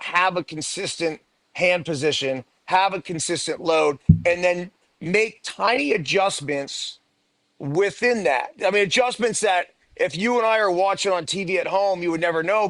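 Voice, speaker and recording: High-voiced man explaining calmly, dry sound. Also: dry recording. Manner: measured and explanatory. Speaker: co-host, youth hitting coach. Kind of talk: casual podcast chat.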